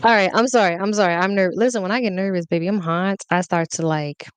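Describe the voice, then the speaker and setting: A woman's voice: lowish voice, fast talker, smooth, dry recording. A young adult woman hosting a live podcast, chatting casually and rambling playfully straight to her viewers. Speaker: podcast host.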